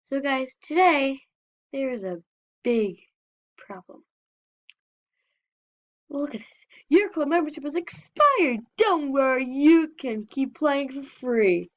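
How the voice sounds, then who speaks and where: A young woman gives casual, chatty commentary while she plays an online game. Her voice sits high and bright. The recording is dull and a bit lo-fi. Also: lively intonation, takes it slowly, long pauses. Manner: chatty, reads game text aloud. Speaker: gameplay vlogger. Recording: dull lo-fi sound.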